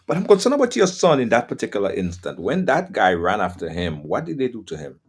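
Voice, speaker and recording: A man's voice: on the low side, huge pitch swings, quick pace, husky. A man hosting an interview, responding sympathetically and asking follow-up questions. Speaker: host.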